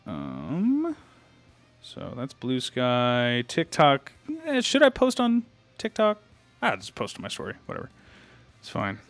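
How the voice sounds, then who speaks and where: A young man chats on a casual live stream, greeting viewers and narrating what he does as he goes. His voice sits in an ordinary middle pitch. A faint metal track plays in the background. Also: wildly swooping pitch, slow, a bit bright. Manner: chatty and rambling, greets viewers, thinks aloud. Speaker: livestreamer. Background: faint metal music.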